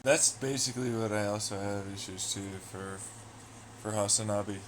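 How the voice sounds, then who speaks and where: A man's voice: on the low side, steady tone, normal speed, a little hiss or hum. A man streaming live, chatting loosely with viewers, swearing and trailing off into asides. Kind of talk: casual rambling chat.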